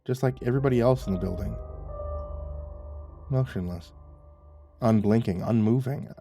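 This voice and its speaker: A man reading a horror story aloud as a narrator, in a wry, measured manner. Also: medium pitch, gravelly, mellow, faint music behind.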